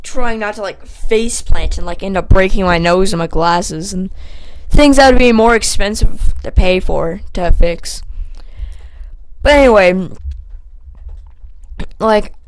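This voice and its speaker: A young man telling a casual storytime vlog, rambling with lots of fillers and growing animated as he retells the story. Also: high voice, smooth. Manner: animated when retelling the fight. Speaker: channel host.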